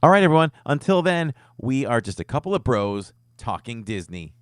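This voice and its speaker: A man hosting a live podcast, chatting casually and signing off in an upbeat, animated way. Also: mid-range voice, moderate pace, clear, resonant tone, no room sound, studio quality. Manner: upbeat, animated sign-offs. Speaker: podcast host.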